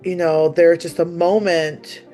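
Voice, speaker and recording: Earnest, halting woman sharing a testimonial. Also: fairly low pitch, steady tone, dark tone, faint music behind. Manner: halting and earnest, full of "like" and "you know". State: emotional, near tears. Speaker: retreat participant giving a testimonial. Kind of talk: reflective personal testimonial.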